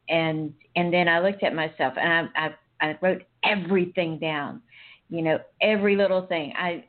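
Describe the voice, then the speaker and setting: A woman co-hosting a casual podcast chat, talking in a rambling, confiding way and laughing often between thoughts. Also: low-pitched. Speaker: podcast co-host. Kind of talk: casual, candid conversation. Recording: tinny phone-line sound.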